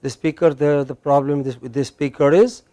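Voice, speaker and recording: A man's voice: on the high side, steady tone, moderate pace, dark tone. A man with an Indian English accent giving a classroom lecture on pronunciation, patiently asking his students questions and modelling words for them. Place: university classroom.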